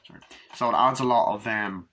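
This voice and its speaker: A man's voice: fairly low pitch, a little fast, fairly bright tone, a little hiss or hum. A young man giving a rambling, casual film review, swearing freely and acting out scenes in voices.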